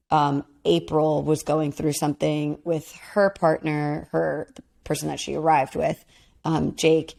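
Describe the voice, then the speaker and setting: A woman's voice: low-pitched, vocal fry, darkish tone. A young woman co-hosting a podcast, chatting casually and rambling with many restarts. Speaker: podcast co-host. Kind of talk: casual chat.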